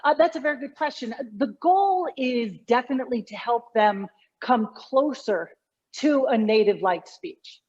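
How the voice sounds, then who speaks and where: A woman's voice: a little high, expressive, normal speed, a little mellow, breathy edge, dull audio. A middle-aged woman, a communication coach, explaining her work animatedly in an interview, often restarting her sentences. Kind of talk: conversational interview.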